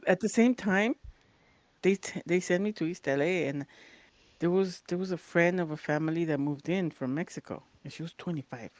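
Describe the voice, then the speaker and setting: Speaking at a moderate pace in a lowish voice, with no echo, a woman co-hosting a podcast chats through stories. She's lively, mimics the people she quotes, and drops the occasional swear word.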